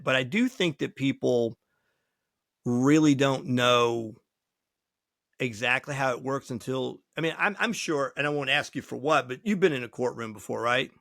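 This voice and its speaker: Male podcast host and lawyer, mid pitch, folksy storyteller, dry close sound. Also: normal speed, no echo. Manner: folksy, animated anecdotes with acted quotes. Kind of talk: casual storytelling talk.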